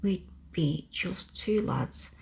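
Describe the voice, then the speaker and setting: A woman's voice: lowish voice, animated, takes it slowly, vocal fry, slightly rough, exaggerated voice. A woman whispering as kind country boy Dickon. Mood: gentle. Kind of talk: whispered role-play.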